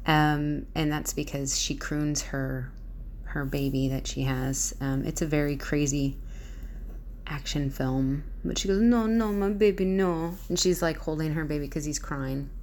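A woman speaks in a relaxed, rambling monologue, pausing often with fillers and now and then dropping to a whisper. Her voice is low with a gravelly edge. Her tone stays unpolished and chatty. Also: slight background noise. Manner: hesitant, with many fillers, sometimes dropping to a whisper. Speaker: vlogger.

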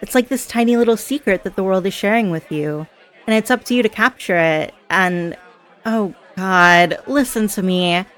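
A woman's voice: medium pitch, normal speed, fairly bright tone, lightly acted. A woman playing a chatty, giggly party girl. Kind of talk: scripted audio role-play.

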